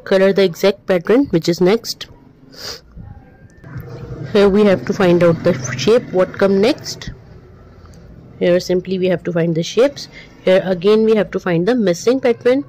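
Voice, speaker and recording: A woman's voice: mid-range voice, unhurried, pauses often, mellow, slight background noise, rough recording. A woman, going through a maths workbook as a tutor, stating answers one by one and repeating them. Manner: plain step-by-step explaining, repeats answers. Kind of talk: workbook walkthrough lesson.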